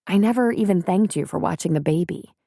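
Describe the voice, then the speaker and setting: A woman's voice: on the low side, fairly quick, creaky, mellow, husky, dry recording, clean studio sound. A woman voicing an earnest, candid young nurse from the city in an audiobook reading.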